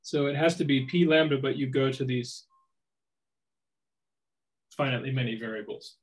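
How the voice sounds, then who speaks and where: A man's voice: mid-range voice, normal speed, low-quality recording. A man giving an academic lecture as seminar speaker, thinking aloud with frequent fillers and restarts.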